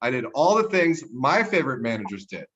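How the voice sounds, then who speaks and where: A young man from Texas doing a stand-up set over a livestream, delivering deadpan one-liners and chuckling at his own jokes. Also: medium pitch, brisk, dull audio. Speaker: stand-up comedian. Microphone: livestream mic.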